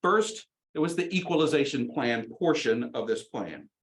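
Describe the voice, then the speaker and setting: A man's voice: medium pitch, expressive, normal speed, poor audio. Emphatic man lecturing. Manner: emphatic, repeats key words and dates for stress. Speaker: guest lecturer. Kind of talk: history lecture.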